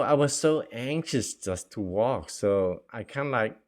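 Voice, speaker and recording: A man's voice: medium pitch, lively intonation, unhurried, a little mellow. A middle-aged man whose first language is Norwegian, telling his own life story in a chatty way, full of fillers and small laughs. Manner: chatty, with frequent fillers and laughs, acts out quoted dialogue. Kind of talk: casual storytelling.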